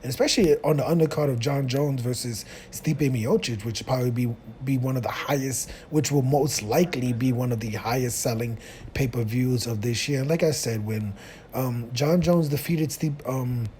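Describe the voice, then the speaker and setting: A man of middle pitch talks loosely on his own, circling back and restarting his sentences as he goes. A faint noise sits under the recording. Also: a little mellow. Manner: rambling, many fillers and restarts. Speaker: YouTube commentator. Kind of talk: casual solo commentary.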